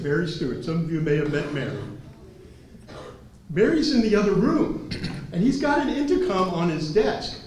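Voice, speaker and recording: Man, moderator, animated storyteller, lively pitch, echoey hall, far from mic. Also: moderate pace, a little hiss or hum. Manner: animated storyteller, acts out quotes. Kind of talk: anecdotal storytelling at a dinner event. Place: large banquet hall.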